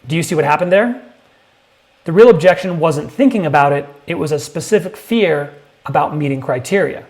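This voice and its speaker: A man teaching sales technique to camera, emphatic and punchy, now and then acting out prospects in a higher voice. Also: expressive, brisk, darkish tone. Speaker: sales coach. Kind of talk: direct-to-camera sales lesson.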